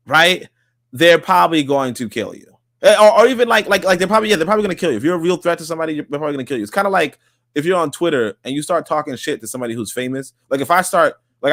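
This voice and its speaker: A man's voice: fairly high pitch, a bit bright, dry recording, studio quality. A man talking as a podcast guest in casual debate, rambling, repeating himself and swearing.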